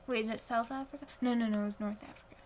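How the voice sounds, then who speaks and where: A woman with a high voice chats casually as a podcast host. She rambles and pokes fun at herself, with lots of fillers. She records on her phone at home, with a faint hiss behind her. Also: fairly even intonation, rapid-fire, a little mellow. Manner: rambling, chatty, self-deprecating, many fillers. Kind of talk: casual chat. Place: at home, sitting on the floor.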